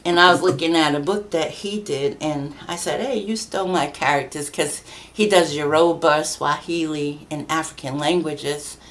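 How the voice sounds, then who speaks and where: A middle-aged woman from Massachusetts talks in a low, chatty voice. She tells stories with frequent laughs and acts out the people she quotes, in a relaxed, conversational way. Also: normal speed. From New Bedford, Massachusetts, USA. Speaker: guest, children's book author. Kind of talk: casual conversational storytelling.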